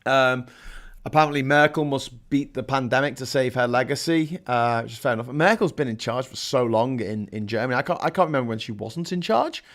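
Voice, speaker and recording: Here a Liverpool-born host with a Scouse accent talks a little fast, his medium-pitched voice fairly bright. On his live call-in stream he chats and reads the news headlines with sarcastic asides.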